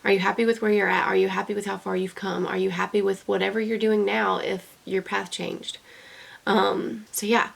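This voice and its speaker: A woman's voice: mid-range voice, flat delivery, normal speed, gravelly. A young woman recording a personal video diary for her future self, talking in an earnest, rambling way with many fillers and restarts. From United States. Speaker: beauty vlogger.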